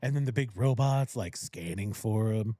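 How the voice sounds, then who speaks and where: Husky, mellow-voiced man telling a story. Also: lowish voice, normal speed, no echo, studio quality. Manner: animated storyteller, acts out characters, swears freely, laughs often. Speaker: podcast host. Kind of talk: casual chat, recapping a movie. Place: cigar lounge podcast studio.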